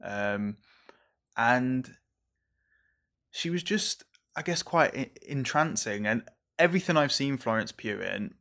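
An English man, a young adult, hosting a casual solo podcast in an excitable, rambling, over-caffeinated way, swearing now and then. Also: medium pitch, takes it slowly, vocal fry, long pauses. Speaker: podcast host reviewing films.

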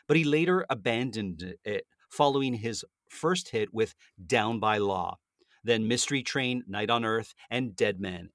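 A man's voice: on the low side, fairly bright tone, no echo, studio quality. A middle-aged man co-hosting a show, reading celebrity birthday notes in a friendly, chatty way with personal asides. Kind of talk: scripted entertainment segment with banter.

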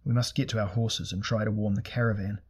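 A man's voice: lowish voice, steady tone, quick pace, a little mellow, slightly rough. A man voicing a grim, sardonic sorcerer prince who speaks in a formal, archaic way in an audiobook.

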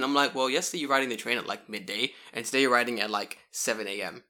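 A man telling stories in a casual podcast chat, animated and full of swearing. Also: mid-range voice, rapid-fire, hardly any pauses. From English-speaking foreigner living in Japan.

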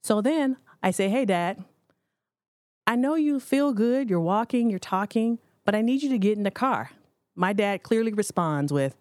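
A woman's voice: mid-range voice, expressive, normal speed, darkish tone, no echo. A woman in her forties, a physician, telling a personal story to an audience in an earnest, direct way. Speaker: physician speaker.

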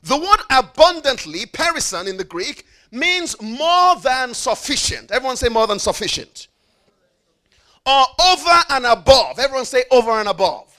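A man's voice: very high voice, very animated, pushed and bright. A man preaching a sermon, emphatic, repeating key phrases and calling on the congregation to repeat after him. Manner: emphatic, repeats phrases with call-and-response prompts; slows down for stressed phrases, rushes through asides.

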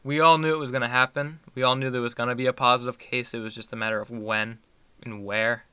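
A man's voice: mid-range voice, flat delivery, fast, pushed and bright, clear, resonant tone, no room sound. A teenage boy chatting casually in an interview, rambling with many fillers and restarts. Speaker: student athlete guest.

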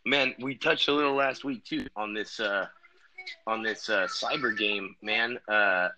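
A man's voice: lowish voice, a little slow, pushed and bright, slight background noise, poor audio. A man hosting a podcast remotely from his home, talking in a loose, rambling way with many restarts and fillers. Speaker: podcast host. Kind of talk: casual chat. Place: home bedroom. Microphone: remote recording.

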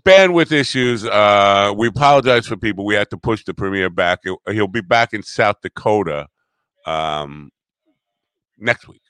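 A man's voice: on the low side, moderate pace, clear, resonant tone, no echo. A middle-aged man hosting a podcast, chatting casually and playfully, wandering off on tangents. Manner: rambling, playful, lively intonation. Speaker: podcast host. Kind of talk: casual chat.

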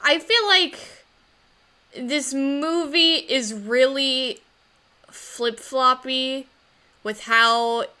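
Podcast co-host, female, bright tone, fairly high voice, casual film chat. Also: clean tone. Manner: quick, chatty, thinks aloud with fillers.

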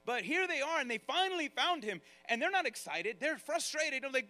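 High, bright-voiced preaching man. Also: brisk, few pauses. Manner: animated, acts out quoted voices, talks straight to the congregation. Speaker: pastor. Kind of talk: sermon.

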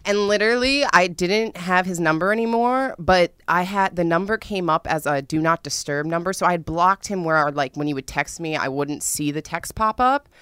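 A young woman telling a dramatic, profane story in a casual vlog, with sudden loud outbursts. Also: lowish voice, moderate pace, few pauses, clear, resonant tone, no room sound, clean studio sound. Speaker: vlogger.

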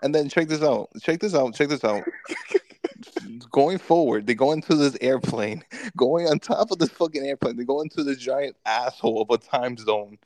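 A man co-hosting a podcast, retelling movie scenes in an animated, profane way and putting on quick voices for the characters. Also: medium pitch, no echo. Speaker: podcast co-host. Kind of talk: casual movie review chat.

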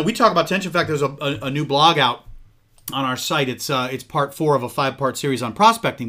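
A middle-aged man hosting a podcast in casual chat, jokey and quick to laugh. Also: fairly high pitch, bright, forceful tone. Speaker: podcast host.

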